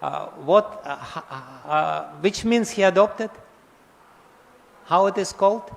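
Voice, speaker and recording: A man's voice: high voice, slow, vocal fry. A man giving a scripture lecture to an audience, often asking them questions and chuckling as he explains. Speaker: spiritual lecturer. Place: large temple hall. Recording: long hall reverb.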